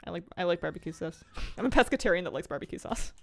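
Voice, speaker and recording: A woman streamer talks casually with her chat in a lowish voice with a gravelly edge. Her pitch swings widely as she rambles and pokes fun at herself. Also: expressive, fast talker. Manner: rambling, self-mocking, laughs often. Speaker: game streamer.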